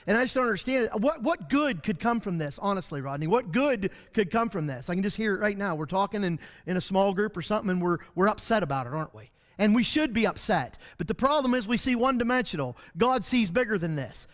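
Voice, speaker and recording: In a large hall, a preacher with a very high-pitched, slightly bright male voice teaches a Bible study lesson at church. He talks animatedly and acts out the voices of the people he describes.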